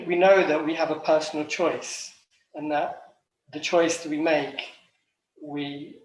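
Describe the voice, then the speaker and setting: English man, chef, rambling casual talk, restarts often, distant mic, roomy echo. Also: fairly high pitch. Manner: rambling, many ums and restarts. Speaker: macrobiotic chef and retreat director. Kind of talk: casual reflective talk at an online forum.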